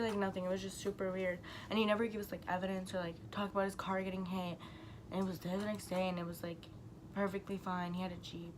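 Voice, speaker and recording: A woman's voice: medium pitch, slight background noise. A young woman vlogger telling a long story in a casual, rambling way, full of filler words and swearing, acting out what people said. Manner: animated, acts out quotes. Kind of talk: storytime vlog.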